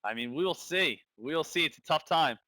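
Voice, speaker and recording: Male trading-stream commentator, slightly high voice, bright and forceful, casual and repetitive, dry sound. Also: animated, normal speed, no room sound. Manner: casual, thinks aloud, repeats phrases.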